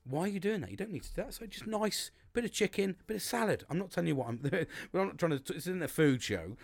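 A man's voice: high-pitched, lively intonation, fast, vocal fry. A man talking through a casual motivational monologue, rambling and repeating himself, swearing freely.

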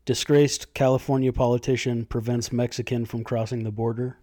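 A man's voice: mid-range voice, level tone, warm tone. Sarcastic man joking through a movie review. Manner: sarcastic, quick jokes, frequent laughing. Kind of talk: casual movie review chat.

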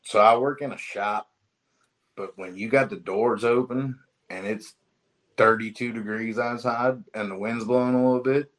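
A man's voice: mid-range voice, fairly even intonation, normal speed, fairly bright tone. A man, a diesel mechanic guest in casual chat, laid-back and swearing.

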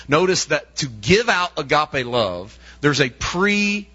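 A man's voice: fairly high pitch, very animated, a little slow, hardly any pauses, sharp tone, highs cut off. A male preacher delivering an emphatic sermon, often asking his listeners rhetorical questions.

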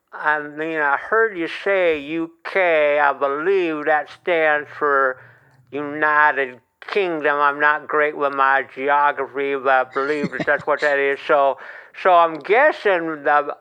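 A man's voice: fairly high pitch, sharp tone, clean tone. A man voicing a humble, gushing Southern country fellow with an Ozark accent who rambles and stammers. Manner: rambling, stammering, self-deprecating. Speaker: honorary podcast member.

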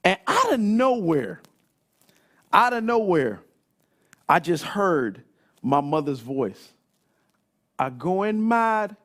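A man in his thirties preaching a sermon, telling stories in an animated way that climbs into shouts. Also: a little high, takes it slowly, long pauses. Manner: animated storytelling, rising to shouts. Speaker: pastor.

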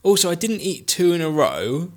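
A man's voice: a little high, big pitch swings, moderate pace. Young man teasing in a playful mock complaint. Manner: teasing, mock-aggrieved storytelling. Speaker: podcast co-host. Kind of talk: casual chat. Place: studio.

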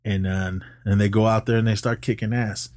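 A man's voice: lowish voice, brisk, no echo, clean studio sound. A man co-hosting a podcast, casually recapping a movie plot and acting out the characters' lines. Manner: animated retelling, acts out characters' lines. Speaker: podcast co-host.

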